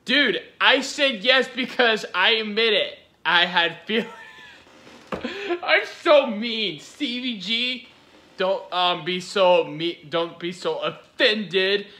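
A man's voice: high voice, lively intonation, takes it slowly, pushed and bright. A man giving giggly, rambling reaction-video commentary, gushing over what he watches.

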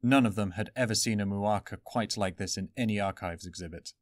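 A man narrating a fantasy adventure story in an even, steady storytelling manner. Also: fairly low pitch, brisk, no echo, studio quality. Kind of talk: audiobook fan reading.

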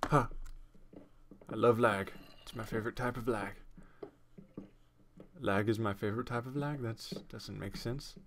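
A young man casually commentating his own gameplay at home on a desktop microphone, rambling and self-mocking with sudden excited outbursts. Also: fairly low pitch, measured pace, pauses often, a little hiss or hum. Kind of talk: casual let's-play commentary. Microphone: desktop USB microphone.

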